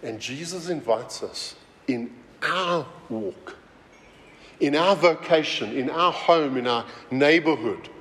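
A man preaching a sermon as pastor, talking in a conversational, animated way with many asides. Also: fairly high pitch, slow. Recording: roomy hall reverb, faint ambience.

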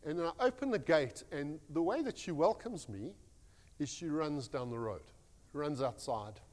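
A man giving a rambling, animated devotional talk as a pastor. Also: fairly high pitch, moderate pace, big-room sound. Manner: animated storytelling, rambling restarts.

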